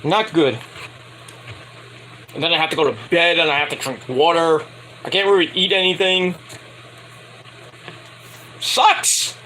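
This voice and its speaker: A man's voice: a little high, steady tone, moderate pace, long pauses, sharp tone, slight background noise, rough recording. A man giving a casual, crude and opinionated wrestling review, swearing freely.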